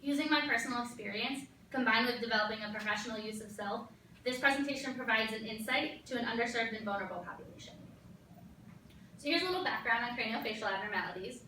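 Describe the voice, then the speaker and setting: A young woman gives a capstone presentation in a lecture room, her voice bright and slightly high. She explains earnestly, with frequent ums. The sound is echoey and distant from the mic. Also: quick pace, a little hiss or hum. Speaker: graduate student presenter.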